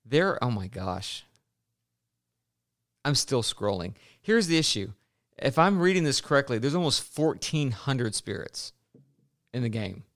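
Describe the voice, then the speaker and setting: A man talking games with a friend in an easygoing, rambling way, stopping and restarting mid-sentence and laughing as he goes. his voice sits at an ordinary middle pitch, neither high nor low. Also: very animated, a little slow, long pauses, fairly bright tone. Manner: rambling, self-correcting, laughs often. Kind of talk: casual gaming chat.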